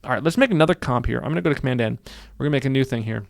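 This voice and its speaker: A man teaching software in a screen-recorded tutorial, upbeat, narrating his clicks and often repeating phrases. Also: mid-range voice, very fast, creaky, dry recording, clean studio sound. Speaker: software instructor.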